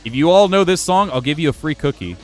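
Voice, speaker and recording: Male gaming streamer, animated and rambling, self-deprecating and profane, faint music behind. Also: on the high side, quick pace. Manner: rambling, self-mocking, swears freely. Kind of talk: casual gameplay commentary. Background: faint music playing from his computer.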